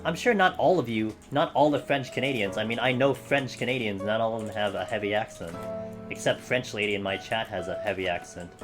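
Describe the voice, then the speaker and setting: A man chatting casually with his live-stream audience while he plays, joking and swearing now and then. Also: lowish voice. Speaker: video game streamer. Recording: game music playing under the voice.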